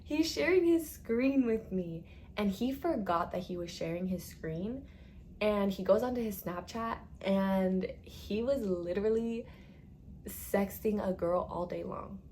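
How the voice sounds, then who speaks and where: A woman's voice: mid-range voice, measured pace, a little mellow, slight background noise. A young woman telling a casual storytime to her viewers, chatty and dramatic, with lots of "like" and swearing.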